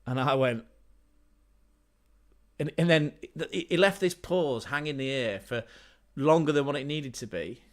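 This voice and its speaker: An English man hosts a livestream, speaking a little slowly at a medium pitch. He rambles loosely through stories and swears freely, keeping his middle-register delivery plain and conversational.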